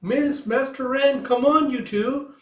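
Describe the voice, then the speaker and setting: A man doing a squeaky little fox girl. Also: normal speed, a little mellow, recorded from a distance, natural voice. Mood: eager. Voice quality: high, thin child's voice. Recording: roomy echo.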